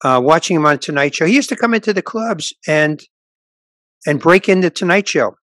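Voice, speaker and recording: An older comic with a fairly high pitch speaks a little fast while telling stories in an informal interview, with no echo. He animatedly acts out the people he quotes, giving each a voice.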